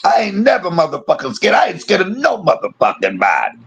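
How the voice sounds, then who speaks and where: A streamer rants to his viewers, his voice rough and a little husky. He talks confrontationally, swears constantly, and his pitch rises and falls a lot as he hammers his points again and again. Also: huge pitch swings, fairly quick, muffled recording. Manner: profane, confrontational, repeats himself. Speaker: live streamer. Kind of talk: heated livestream rant.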